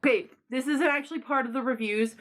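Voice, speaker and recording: Young woman rambling thru book reviews, kinda high voice, gets super excited n loud. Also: fast. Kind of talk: casual vlog book reviews.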